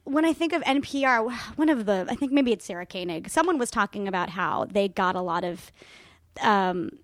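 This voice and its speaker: A woman on a podcast talking casually about voiceover work, chatty and animated with many fillers. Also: mid-range voice, moderate pace, dry recording. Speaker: podcast guest, voiceover actor. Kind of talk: casual chat.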